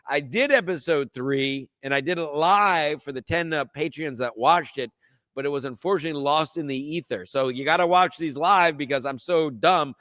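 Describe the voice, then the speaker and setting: A man's voice: on the high side, moderate pace, a bit bright, no room sound. Brash, profane male sports podcaster. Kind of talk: casual sports picks talk.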